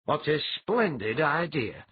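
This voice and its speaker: A man's voice: mid-range voice, sing-song, normal speed, slightly rough, narrow, tinny audio, pitched above the performer's own voice. A man voicing a genial, courtly clan chief in an audiobook reading. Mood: hearty.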